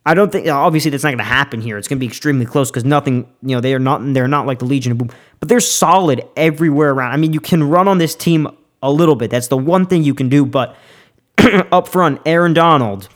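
A man's voice: medium pitch, fast. A young man hosting a sports podcast, ranting heatedly about a player and then giving his game picks in a casual, opinionated way, often restarting his sentences. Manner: heated, fired up, repeats himself and restarts often.

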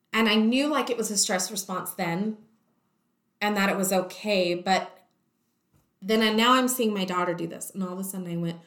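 A woman's voice: mid-range voice, reverberant. A young woman telling a personal story in a chatty way, acting out what others said, with many "like" fillers. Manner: talkative, acts out quoted voices, many "like" fillers.

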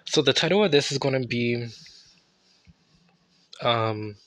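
A man hosting a casual solo podcast with a raspy voice, sounding tired and a bit under the weather, talking in a laid-back, rambling way and correcting himself as he goes. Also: medium pitch, expressive, a little slow, a bit bright, no echo. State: tired, not feeling well. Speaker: podcast host.

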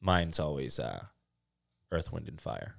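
A man's voice: rumbling low, very animated, measured pace, creaky, fairly bright tone. A man hosting a casual comedy podcast, joking around, laughing often and breaking into silly sung bits. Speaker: podcast host.

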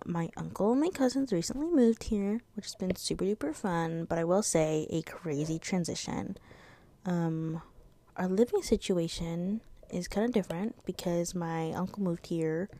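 A teenage girl with a fairly low-pitched, dark voice hosts her own casual solo podcast, recorded with no echo. She rambles, leans heavily on filler words, and sounds a little out of breath.

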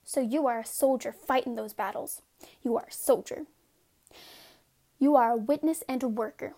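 A woman's voice: a little high, normal speed, dark tone. A woman giving a casual devotional talk. She reads scripture passages aloud in an earnest way and breaks off for informal asides to her listeners. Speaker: devotional speaker.

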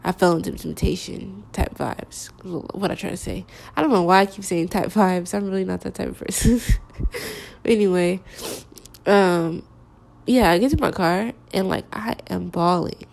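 Young woman with vocal fry, halting. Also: fairly low pitch, darkish tone. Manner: halting, hesitant, full of "like" fillers. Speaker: storyteller. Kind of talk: candid personal storytime.

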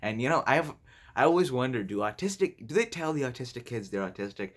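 A man's voice: mid-range voice, expressive, fast talker. A young man hosting a podcast, talking in a blunt, rambling, crude and flippant way, laughing often. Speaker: podcast host. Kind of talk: casual solo podcast monologue.

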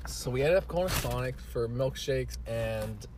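A man's voice: medium pitch, unhurried, darkish tone, a little hiss or hum. A young man co-hosting a casual podcast in a car, hesitant and defensive, with many fillers. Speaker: podcast co-host. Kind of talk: casual chat. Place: in a parked car.

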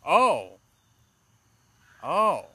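A man co-hosting a casual movie review podcast, talking in a rambling, animated way with plenty of swearing. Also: on the high side, very slow, slightly rough. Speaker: podcast co-host.

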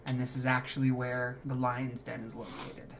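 A man's voice: medium pitch, moderate pace, vocal fry, a little hiss or hum. Man narrating as game master. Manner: descriptive, relaxed, restarts phrases.

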